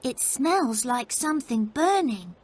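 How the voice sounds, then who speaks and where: A woman's voice: sits high, big pitch swings, slow pace, breathy edge, pitched above the performer's own voice, exaggerated voice. A woman voicing a worried young girl from old London in a raised, anxious, childlike voice for a storybook reading.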